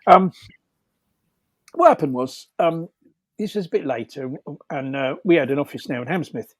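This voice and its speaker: A man's voice: on the high side, lively intonation, normal speed, no room sound. A man telling rambling anecdotes over a video call, laughing often, with many fillers and restarts. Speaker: storyteller guest.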